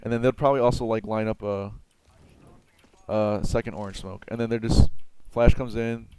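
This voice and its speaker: A man's voice: fairly low pitch, steady tone, normal speed, mellow, clear, resonant tone, dry recording. A man giving casual game strategy tips, rambling with lots of filler words and the odd swear. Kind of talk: casual tutorial talk.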